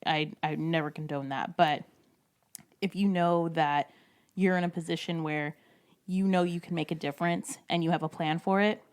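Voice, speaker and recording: A woman's voice: sits low, steady tone, moderate pace. A woman guest on a podcast, speaking in a reflective, earnest way and often adding "you know". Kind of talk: casual conversation.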